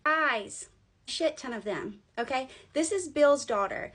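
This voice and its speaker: A woman's voice: high voice, expressive, takes it slowly, a bit bright. A young woman telling a ghost story in a casual, sarcastic and profane way, acting out what the people in it say. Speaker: paranormal storyteller.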